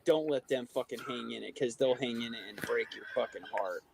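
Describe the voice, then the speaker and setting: A man co-hosting a loose livestream show, swearing freely and laughing along. His voice sits in an average range with a gravelly fry running through it. The talk is crude and easygoing. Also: mid-range voice, fairly quick, a crowd in the background. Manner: crude, profane, laughing often. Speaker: podcast co-host. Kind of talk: casual livestream chat.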